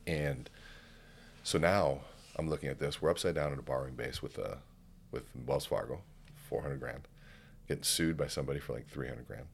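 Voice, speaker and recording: A man's voice: a bass voice, brisk, gravelly, slight background noise. A man telling a story in casual conversation as a podcast guest, acting out what people said. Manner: animated, acts out quoted dialogue. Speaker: podcast guest, keynote speaker.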